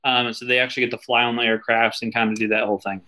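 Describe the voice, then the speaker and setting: A man with a bright, forward voice tells his service stories in a casual interview. He rambles, swears freely and leans on fillers and asides. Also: medium pitch, level tone, racing, rough recording. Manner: loose, profane, lots of fillers and asides. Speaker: army veteran guest.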